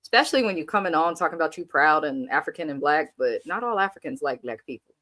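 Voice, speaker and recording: A woman's voice: low-pitched, animated, fast, fairly bright tone, dry recording. A woman co-hosting a casual reality TV recap, blunt and sassy, reading viewer comments aloud. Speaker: show co-host.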